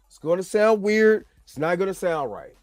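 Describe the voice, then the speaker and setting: A man's voice: high voice, lively intonation, moderate pace, no echo, faint music behind. A male host giving opinionated commentary, emphatic and repetitive, with many fillers and restarts. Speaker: show host.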